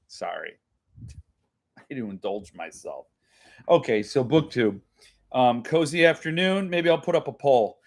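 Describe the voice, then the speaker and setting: A man's voice: medium pitch, lively intonation, a little slow, pauses often, darkish tone. A man hosting a casual live-stream chat with viewers, rambling and self-mocking, laughing often. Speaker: host.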